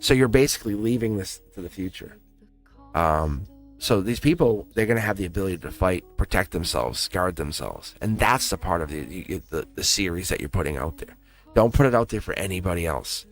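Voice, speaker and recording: A man's voice: low voice, lively intonation, fairly quick, soft background music. A man giving a live-streamed tarot reading in an earnest way, repeating himself and laughing often. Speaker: tarot reader.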